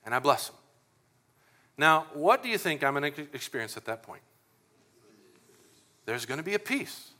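A middle-aged male pastor preaching with an animated, conversational delivery. His voice sits a little high and rings bright and forceful. He slips into acted-out prayers and exchanges as he talks. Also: moderate pace, long pauses. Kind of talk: sermon.

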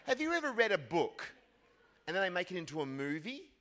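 A man's voice: high-pitched, big pitch swings, fairly quick, bright, forceful tone, slight background noise. A man with an Australian accent, a ministry head giving a live talk full of funny anecdotes. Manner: jokey, self-deprecating storyteller. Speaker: ministry CEO and speaker.

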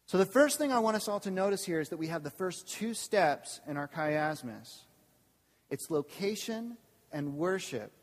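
A man with a somewhat high voice delivers a sermon as a campus pastor. He preaches with energy and keeps turning to the congregation with questions. His voice carries a long reverb from a church hall. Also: normal speed. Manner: lively, asks the congregation questions.

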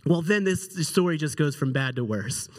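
High-voiced pastor telling a lively story. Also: male voice, normal speed. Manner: animated, conversational, acts out quotes. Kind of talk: storytelling sermon.

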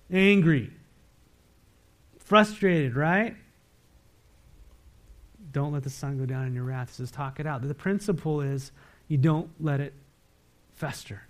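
A man preaching in a fairly high voice. He reads scripture aloud, then turns to the congregation with pointed rhetorical questions. His delivery swings between emphatic raised lines and low, hushed asides. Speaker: pastor. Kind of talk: sermon.

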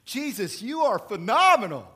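A man putting on a gushing, flattering devil. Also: very high-pitched, moderate pace, husky, pitched above the performer's own voice, heavily acted. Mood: gushing flattery. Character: flattering smooth-talking male devil tempter.

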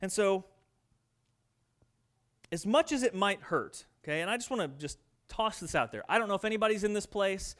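A minister with a notably high voice delivers a sermon, talking to his listeners directly and plainly. He pushes some points out loudly and drops others to a near hush. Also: expressive, normal speed, pauses often. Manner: earnest, conversational preaching that swings from loud to hushed.

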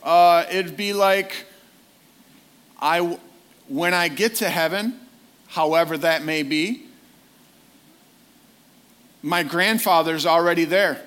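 A man's voice: a little high, takes it slowly, long pauses, fairly bright tone, clean tone. A man preaching a sermon in a conversational way, often putting direct questions to his listeners.

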